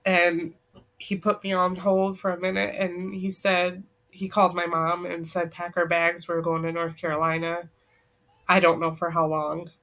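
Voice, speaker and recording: A woman guest on a podcast, earnestly recounting a personal story and quoting the people in it, her voice dropping soft at the hard parts. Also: fairly low pitch. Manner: earnest, relives events by quoting dialogue; emotional, voice drops soft at hard moments. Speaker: guest, co-author.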